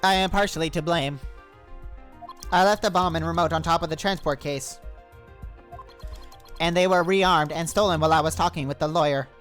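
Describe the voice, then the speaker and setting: A man's voice: a little high, fairly even intonation, moderate pace, pauses often, fairly bright tone, faint music behind, close to an everyday voice. A man voicing a sleazy, smug male bomb expert, his voice pushed back into the throat.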